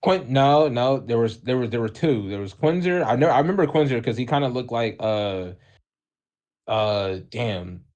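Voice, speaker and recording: A man's voice: mid-range voice, animated, normal speed, darkish tone. A young man co-hosting a podcast in casual chat, joking and teasing with a lot of swearing. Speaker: podcast co-host.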